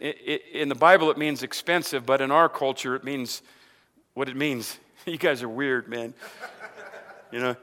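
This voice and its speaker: A pastor from Arizona preaches a loose, conversational sermon, repeating words and dropping in frequent "amen"s as he works through his point. His mid-range voice is a bit bright, with a long reverb tail.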